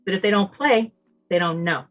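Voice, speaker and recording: A woman giving a motivational talk as a summit guest, emphatic and animated, acting out bits of dialogue. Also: medium pitch, moderate pace, soft background music. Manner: emphatic and animated, acts out dialogue in shifting voices.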